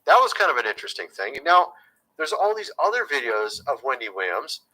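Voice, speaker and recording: A man's voice: mid-range voice, very animated, brisk, sharp tone, poor audio. A man talking casually to his viewers as a YouTube commentator, chatty and conspiratorial, often calling them "folks".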